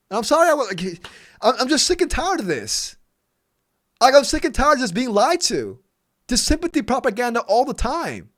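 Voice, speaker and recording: Male sports vlogger, high voice, exasperated profane rant, dry close sound. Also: big pitch swings, fairly quick, no echo. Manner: exasperated, profane, emphatic ranting. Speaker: sports channel host. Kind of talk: ranting sports commentary vlog.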